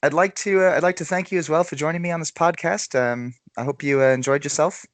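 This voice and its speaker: A man's voice: a little high, quick pace, no echo. A man hosting a podcast in casual chat, laughing often and tripping over repeated words. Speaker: podcast host.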